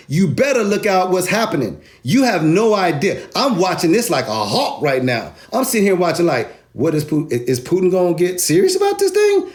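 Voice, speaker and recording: A man hosting a crypto video, giving emphatic, slangy market commentary. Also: sits high. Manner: animated, emphatic, streetwise slang.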